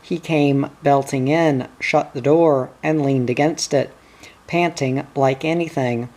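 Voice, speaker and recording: A reader voicing a worried middle-aged country wife, telling her troubles slowly. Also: mid-range voice, steady tone, darkish tone. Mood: troubled.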